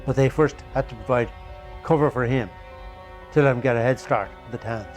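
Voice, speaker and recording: A man narrating a documentary story in measured, short phrases. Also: mid-range voice, music in the background.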